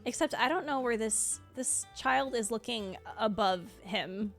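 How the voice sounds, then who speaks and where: A woman with a higher, slightly bright voice talks a little slowly while streaming a video game. She chats casually and gushes, dropping in plenty of "like," with faint game music behind her.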